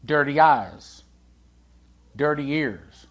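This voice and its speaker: A man preaching a sermon in a conversational way, asking the congregation questions and swinging between loud and hushed delivery. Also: medium pitch, takes it slowly, long pauses. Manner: animated, swings from loud to hushed, acts out quoted dialogue.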